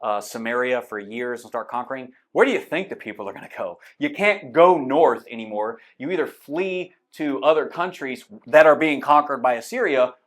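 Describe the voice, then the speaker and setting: Casual male Bible class teacher, conversational and unscripted, pointing things out on a map. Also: medium pitch. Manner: conversational, explains with a map, many fillers. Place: church classroom.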